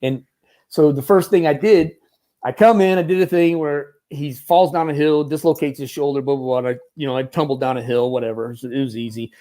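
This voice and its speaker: A man's voice: a little high, fairly quick. A man, a former Marine turned stuntman and advisor, telling casual rambling stories in an interview and acting out the voices of others. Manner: rambling, lively, acts out quoted voices.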